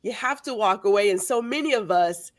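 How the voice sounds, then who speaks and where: A woman's voice: medium pitch, animated, fairly quick, no room sound. A woman guest on a talk show, speaking earnestly and giving advice. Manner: earnest, advising. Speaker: guest commentator. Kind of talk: casual talk show discussion.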